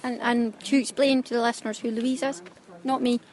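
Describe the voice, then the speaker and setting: A woman from Caithness with a Scottish Highland accent, hosting a casual, giggly interview on her phone at a festival. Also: flat delivery, fairly quick, a crowd in the background. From Caithness, Scotland. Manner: chatty and giggly, teasing. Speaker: podcast host interviewing at a festival. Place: outdoor-ish busy festival hall. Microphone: phone held by interviewer.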